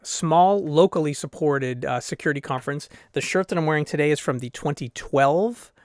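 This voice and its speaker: A man co-hosting a casual tech podcast with a fairly high voice. He rambles through fillers and restarts and laughs easily. The sound is dry and close, with no room in it. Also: normal speed, dry recording. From Boston area. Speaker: co-host.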